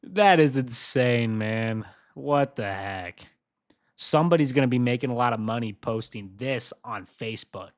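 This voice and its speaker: A man's voice: medium pitch, normal speed, dry recording, clean studio sound. Chatty young man hosting a weather stream. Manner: laughs often, excitable and chatty, addresses chat viewers. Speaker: weather livestream host. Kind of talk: casual live weather briefing.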